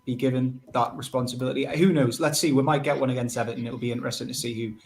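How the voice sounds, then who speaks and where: Fast-talking man on a football podcast. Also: mid-range voice, fairly even intonation, vocal fry, slight background noise. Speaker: podcast co-host. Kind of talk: casual football podcast chat.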